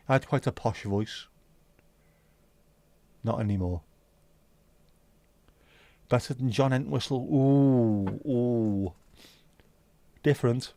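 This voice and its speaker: A man's voice: mid-range voice, darkish tone, no room sound. A man hosting a casual livestream, rambling chattily with sweary asides. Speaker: livestream host. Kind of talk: casual solo livestream chat. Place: home.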